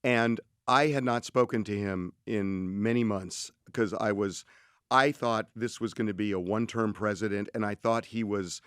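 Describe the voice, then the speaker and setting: A man in his sixties co-hosting a talk show, telling a story in an animated way and quoting others. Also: lowish voice, normal speed, clear, resonant tone, dry recording, studio quality. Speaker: co-host.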